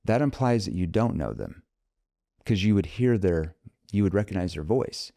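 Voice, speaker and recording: A man's voice: low-pitched, lively intonation, moderate pace, vocal fry, warm tone, no echo, clean studio sound. A man talking as a sales trainer guest in a podcast interview, emphatic, acting out sample phone calls in an upbeat voice.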